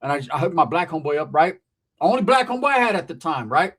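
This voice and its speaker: Fast-talking profane storytelling man. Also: fairly high pitch, husky. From California. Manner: profane, animated, acts out voices. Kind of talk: comedic storytelling.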